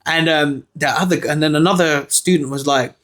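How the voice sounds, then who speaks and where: A man co-hosting a podcast, telling a story in animated casual chat and acting out the people he quotes. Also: on the high side, normal speed. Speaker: podcast co-host.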